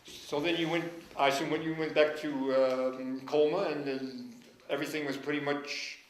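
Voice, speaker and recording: A man's voice: a little high, steady tone, moderate pace. A man interviewing, asking probing questions and stumbling over repeated words. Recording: echoey room with faint noise.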